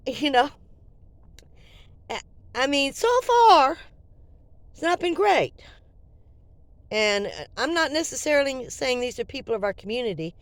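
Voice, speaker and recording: Animated woman in her seventies with a cold. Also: medium pitch, no echo. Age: 70s. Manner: animated, acts out both sides of a conversation. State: has a cold, coughing. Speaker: vlogger. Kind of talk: casual storytelling.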